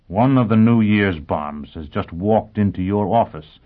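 Grim, tormented male confessor played by a man, very low voice, tinny phone-like audio. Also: measured pace, lightly acted. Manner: grim, intense.

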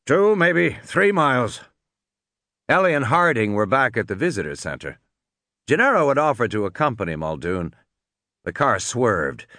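A man's voice: fairly low pitch, big pitch swings, normal speed, bright, forceful tone, dry recording, clean studio sound. Man narrating a tense audiobook. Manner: tense, dramatic storytelling.

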